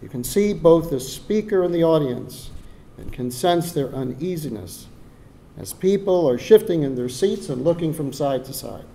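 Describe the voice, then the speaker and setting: An older man with a Texan drawl delivers an earnest ceremonial speech at a podium. His voice sits a bit high for a man yet sounds mellow and warm, and he now and then repeats a word before carrying on. Faint noise hangs behind him. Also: expressive, normal speed, gravelly. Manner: heartfelt, earnest, with occasional repeated words and restarts. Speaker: donor giving a dedication speech. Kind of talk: ceremonial speech from prepared remarks. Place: ceremony hall.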